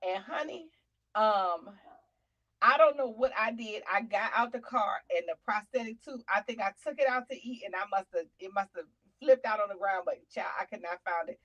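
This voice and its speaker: A woman with a New York accent, telling a lively faith story on a talk show, dropping to murmurs and rising to loud cries. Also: normal speed, muffled recording. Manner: animated testimony, swinging from low murmurs to loud cries. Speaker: guest.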